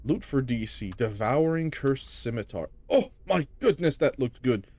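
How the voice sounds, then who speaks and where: A man's voice: mid-range voice, lively intonation, a little slow, a little mellow, dry recording. A man giving casual commentary while playing a game, chatty with muttered asides, on a desk microphone. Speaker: gamer.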